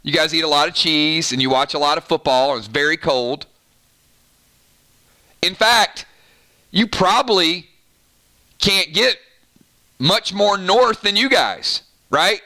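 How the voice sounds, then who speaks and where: Speaking slowly with frequent pauses, a Southern American man runs a laid-back live-stream chat for his gaming channel. His fairly high voice sounds animated, pushed and bright as he trades playful arguments with viewers.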